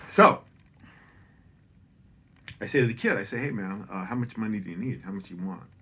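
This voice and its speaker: A man's voice: on the low side, normal speed, sharp tone, breathy edge. A middle-aged man telling a holiday story in a rambling, profane, self-deprecating way, often drifting off on tangents.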